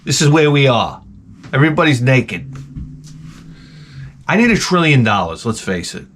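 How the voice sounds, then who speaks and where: A man's voice: mid-range voice, moderate pace, slight background noise. Profane middle-aged man ranting. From Long Island, New York. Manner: profane, animated storytelling with many restarts. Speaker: host. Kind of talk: rambling comic monologue.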